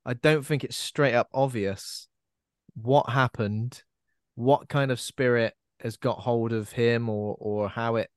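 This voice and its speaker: Male host, relaxed film chat, dry close recording. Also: mid-range voice, clear, resonant tone, dry recording. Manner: conversational, often ends with tag questions. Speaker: podcast host. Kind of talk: casual film discussion.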